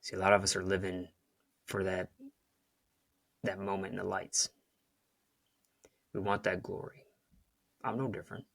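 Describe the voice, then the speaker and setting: A man's voice: sits low, completely flat delivery, normal speed, gravelly, pauses often, a bit bright, no echo, clean studio sound. A man hosting a podcast, giving a rambling motivational talk and retelling scenes with emphasis. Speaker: podcast host and coach.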